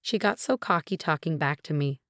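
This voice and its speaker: A woman's voice: low voice, expressive, moderate pace, fairly bright tone, no room sound, studio quality. A woman voicing a scheming, cold mother-in-law in a narrated story, sweet-talking then defensive.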